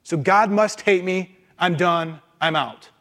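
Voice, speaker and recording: Sulky whiny prophet with a fairly high voice, melodramatic, as a preacher puts him on. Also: male voice, slow pace, a bit bright, in a large hall. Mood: sulking. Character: sulking self-pitying male prophet.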